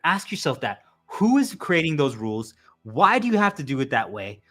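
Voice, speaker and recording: A man talking casually to the camera in a rambling, animated way, now and then bursting into loud exclamations. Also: a little high, fast talker, hardly any pauses, soft background music. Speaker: video host. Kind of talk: casual monologue.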